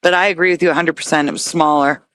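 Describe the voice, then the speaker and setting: A woman speaks as a guest in a casual interview, earnest and quick to get excited, tripping over and restarting her words as she goes. Her voice sounds close and dry, with no room around it. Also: low voice, no room sound. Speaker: guest researcher.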